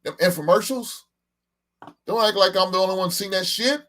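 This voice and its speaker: A man's voice: high-pitched, moderate pace, fairly bright tone. A man in his forties hosting a casual live stream, talking loosely and profanely, laughing and reading out comments from his chat. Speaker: podcast host.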